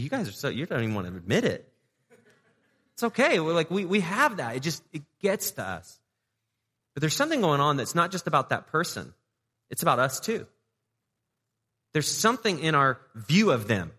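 A man's voice: mid-range voice, fairly bright tone, in a large hall. A man preaching a sermon as a pastor, talking conversationally, asking the audience rhetorical questions and repeating words as he restarts.

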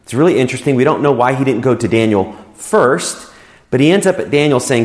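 A male pastor preaching in a casual, conversational way. His voice sits at an ordinary middle pitch, and he talks through scripture at an easy pace, often doubling back on his own words mid-thought. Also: fairly quick. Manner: relaxed, repeats words while explaining. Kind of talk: conversational sermon.

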